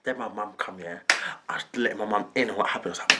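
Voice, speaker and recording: A woman vlogger telling a storytime, animated and laughing as she acts out the other people. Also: very deep voice, fast, very noisy. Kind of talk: storytime narration.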